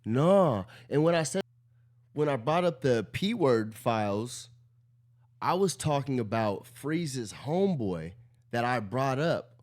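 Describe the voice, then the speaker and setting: Man, reaction stream, lively swinging pitch, incredulous, profane. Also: slow pace. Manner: animated, incredulous, swears a lot. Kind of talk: casual reaction commentary.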